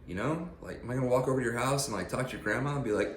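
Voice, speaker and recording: A man's voice: medium pitch, quick pace, roomy sound, slight background noise. A man giving a casual, blunt and profane motivational rant on his channel. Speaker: vlogger.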